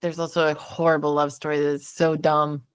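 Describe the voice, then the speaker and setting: A woman's voice: sits low, fairly quick, clear, resonant tone. A woman hosting a podcast, chatting casually and animatedly about a movie, often laughing. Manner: animated, laughing, mocking voices. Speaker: podcast host. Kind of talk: casual chat.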